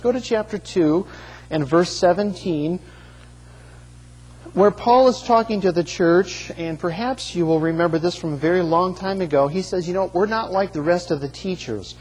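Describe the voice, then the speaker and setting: A man delivering a sermon from the pulpit, his fairly high voice a little husky. He presses his points with rhetorical questions and stumbles into restarts as he goes. The sound rings with the long reverb of a large church hall. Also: normal speed, darkish tone. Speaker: pastor.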